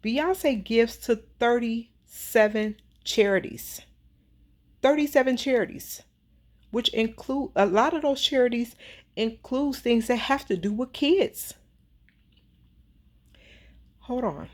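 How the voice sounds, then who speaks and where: A woman's voice: on the high side, slow pace, pauses often. A woman speaking, giving a heated, worked-up commentary monologue to her followers, repeating points for emphasis. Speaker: social media commentator.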